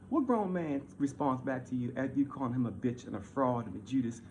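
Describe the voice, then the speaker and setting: A man delivering a heated, repetitive monologue, swinging from loud outbursts to low mutters. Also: a little fast, gravelly, hardly any pauses, dull audio, slight background noise. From Baltimore. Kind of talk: ranting monologue.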